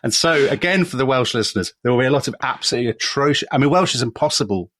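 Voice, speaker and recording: A man's voice: medium pitch, fairly bright tone, slightly rough, no echo. An English man co-hosting a history podcast, telling the story in a chatty way with self-deprecating asides. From England. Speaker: co-host. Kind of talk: casual history podcast chat.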